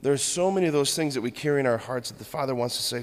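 A man preaching a sermon, earnest and steady, building his points through rhythmic lists. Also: mid-range voice, rapid-fire, hardly any pauses. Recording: long hall reverb.

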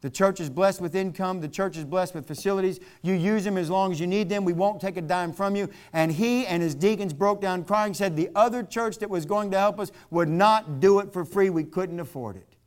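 A middle-aged man from Virginia preaches at a revival. His voice sits high, and he talks earnestly, telling stories to make his point. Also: fairly quick, clean tone. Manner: earnest storytelling with bursts of laughter. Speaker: pastor. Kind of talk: revival sermon.

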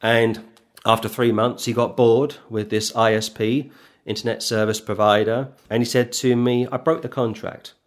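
A man preaching a sermon, scolding his listeners with sarcastic rhetorical questions and reading scripture slowly and emphatically. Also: mid-range voice, level tone.

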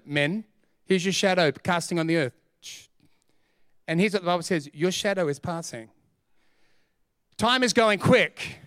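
Middle-aged pastor, energetic emphatic sermon, crisp dry sound. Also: male voice, sits high, no echo. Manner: energetic, joking, emphatic preaching.

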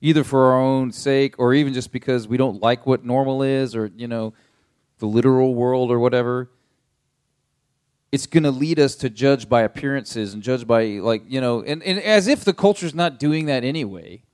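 A man's voice: medium pitch, moderate pace, darkish tone, clear, resonant tone. A young adult man pastor teaching a Bible passage in a casual, conversational way, paraphrasing with many fillers.

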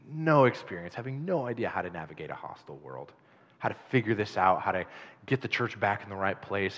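A male pastor preaching a sermon in a conversational, animated way, with chatty asides to the congregation. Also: lowish voice. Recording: dull sound in a long-reverb hall.

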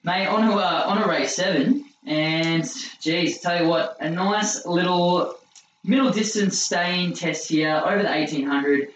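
A man's voice: high-pitched, unhurried, fairly bright tone, a little hiss or hum. A young man co-hosting a racing podcast, giving tips in a laconic, joking way. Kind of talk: casual tipping chat. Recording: roomy, distant, dull sound.

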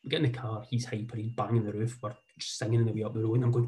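A man's voice: on the low side, level tone, racing, hardly any pauses, mellow, low-quality recording. A Scottish man in his forties telling a heartfelt personal story in a rambling, earnest way, often repeating words. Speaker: speaker sharing a personal story.

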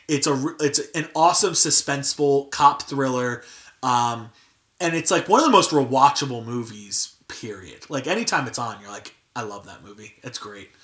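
A young man hosts a casual podcast at an ordinary middle pitch. His voice is bright and clear. He rambles loosely, peppering his talk with "like" and restarting his sentences. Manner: filler-heavy, frequent "like" and restarts. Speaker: podcast host. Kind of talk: casual chat.

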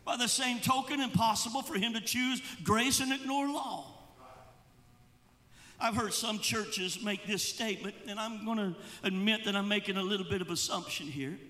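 A male evangelist preaching a sermon, impassioned, rising into shouts and sung, chanted phrases. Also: high voice, steady tone, normal speed, in a large hall. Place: church sanctuary.

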